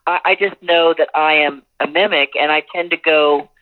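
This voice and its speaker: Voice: mid-range voice, fairly even intonation, moderate pace. A singer in a phone interview, talking earnestly and rambling with many restarts. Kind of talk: phone interview, candid talk. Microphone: telephone. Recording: tinny phone line.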